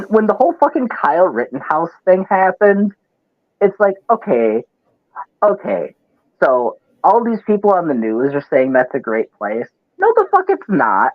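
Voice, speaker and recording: Wisconsin guy ranting and cussing, bouncy voice, kinda muffled lo-fi audio. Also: a little high. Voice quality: profane, ranting, emphatic. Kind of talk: casual chat.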